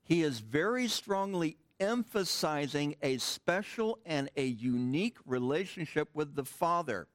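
A man's voice: fairly high pitch, lively intonation, a little slow, hardly any pauses, dry recording, clean studio sound. A middle-aged man preaching a sermon in church, teaching a Greek grammar point with casual, joking asides to the congregation. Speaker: pastor. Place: church sanctuary.

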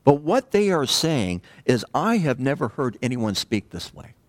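A man preaching a sermon in a conversational way, pausing often and asking the congregation rhetorical questions. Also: mid-range voice, sing-song, no echo. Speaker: pastor.

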